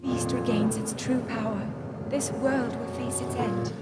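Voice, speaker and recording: A breathy, disembodied young woman's voice from a video game, voiced by a woman, high and pleading with solemn urgency. She sounds distant, buried under loud background noise. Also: fairly even intonation, unhurried, close to an everyday voice. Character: mysterious disembodied young woman calling to a hero.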